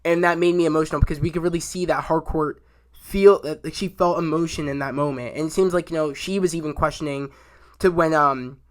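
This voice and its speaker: A young man giving a casual spoken review of a TV episode, rambling and excitable, full of fillers and restarts. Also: fairly high pitch, fairly quick. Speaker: YouTube show reviewer.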